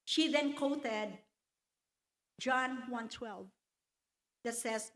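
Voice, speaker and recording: Slow, earnest woman giving a testimony. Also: a little high, fairly bright tone. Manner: slow, earnest storytelling with quoted scripture. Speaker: testimony speaker at church luncheon. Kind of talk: personal testimony. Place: church hall.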